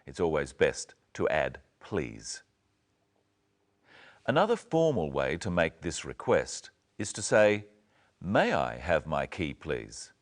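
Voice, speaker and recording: Deep-voiced man teaching clearly. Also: very animated. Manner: slow, clear teaching delivery. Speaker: presenter. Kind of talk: scripted language-lesson narration.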